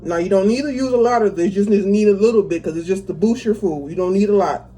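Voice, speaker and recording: Chatty home cook with a mellow voice. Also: medium pitch, fast, rough recording. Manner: chatty, talks viewers through each step, laughs easily. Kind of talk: casual cooking tutorial. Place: home kitchen.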